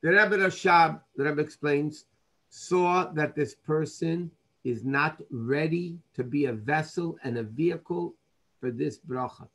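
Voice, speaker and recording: A man's voice: on the high side, measured pace, a bit bright, husky, poor audio. A man, a rabbi, teaching a Torah class through earnest storytelling, dropping in Hebrew and Yiddish terms.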